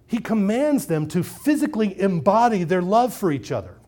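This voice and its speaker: A middle-aged pastor delivers a conversational sermon in a high, sing-song voice at normal speed. He swings between loud emphasis and quiet asides, often repeating and restarting phrases.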